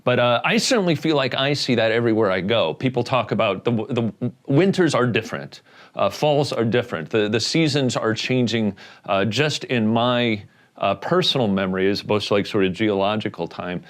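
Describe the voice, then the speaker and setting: A man hosting a casual comedic interview, rambling and halting through his questions with many restarts. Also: fairly low pitch. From Indiana. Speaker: host.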